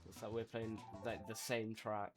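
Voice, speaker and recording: A man's voice: on the low side, flat delivery, moderate pace, soft background music. A young man streaming and chatting casually while gaming, laid-back and rambling, often restarting his sentences.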